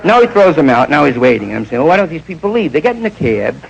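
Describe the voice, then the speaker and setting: Gravelly-voiced stand-up comedian, lively pitch. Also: male voice, poor audio. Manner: jumps into quick voices of the people in his stories. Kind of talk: stand-up storytelling.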